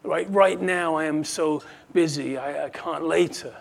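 A man's voice: on the high side, a little slow, gravelly. A man voicing an awkward teenage girl who stammers excuses. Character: flustered teenage girl, busy and evasive.

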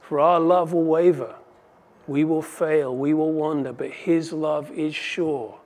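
A male pastor preaching with conviction, his voice pitched slightly above the usual male range. He builds to forceful peaks and then falls quiet to let key lines land. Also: fairly even intonation, takes it slowly. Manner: impassioned, rising and falling in volume for emphasis. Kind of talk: sermon.

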